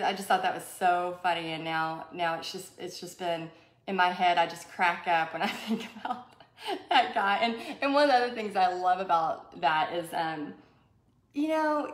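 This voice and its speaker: A woman with a Texas accent, chatting and telling stories to viewers while she paints on a live stream. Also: fairly low pitch. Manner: chatty, rambling, with many fillers and asides to viewers. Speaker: painting instructor. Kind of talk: live-streamed craft tutorial with casual storytelling. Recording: echoey room.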